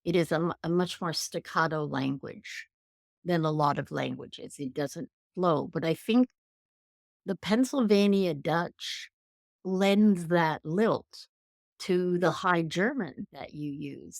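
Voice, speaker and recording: A woman's voice: low voice, slow pace, gravelly, no echo, studio quality. Effusive Canadian woman hosting an interview. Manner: warm, effusive, thoughtful. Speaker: podcast host. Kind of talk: conversational interview.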